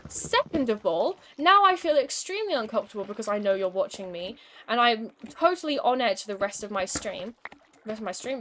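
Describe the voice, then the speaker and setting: A woman's voice: on the high side, fairly bright tone, slight background noise. A young woman streaming a game, chatting casually and telling an exasperated, wry story between moves. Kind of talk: casual gaming commentary with storytelling.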